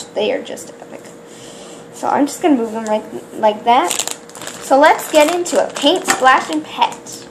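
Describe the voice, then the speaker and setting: A woman opening toy blind bags on camera in casual chat, excitable and gasping, who rambles with trailing restarts. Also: sits high, background noise. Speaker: toy unboxing vlogger.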